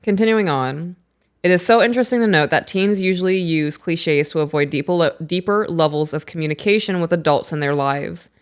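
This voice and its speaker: A woman in her thirties co-hosting a podcast, chatting casually, reading aloud from a book and acting out what people said in animated stories. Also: on the low side, a little fast, clean tone. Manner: animated storyteller who acts out quotes. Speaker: podcast co-host.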